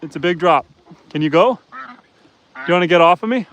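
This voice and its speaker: High, expressive and gravelly, with a fairly bright tone, the man speaks at normal speed while hosting a casual live stream from his farm. Out among the animals, he chats with viewers and talks to his pigs, goats and chickens.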